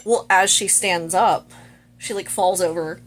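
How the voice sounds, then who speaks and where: A woman's voice: lowish voice, measured pace. A young woman vlogger casually retelling a movie plot, chatty and full of fillers.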